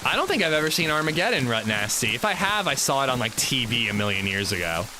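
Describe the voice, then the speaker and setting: A man's voice: mid-range voice, fast. Chatty male game streamer over rain noise. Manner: chatty, reacting to viewer messages. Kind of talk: casual livestream chat. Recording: steady rain noise behind.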